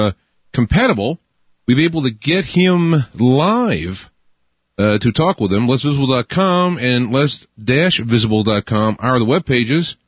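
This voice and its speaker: A man's voice: medium pitch, breathy edge, no echo, dull audio. A man hosting a talk radio show, talking casually with many fillers and restarts.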